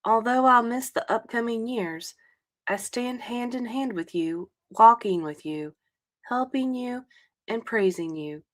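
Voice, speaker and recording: A woman reading a sentimental passage aloud in a soft, tender, measured way. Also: fairly high pitch.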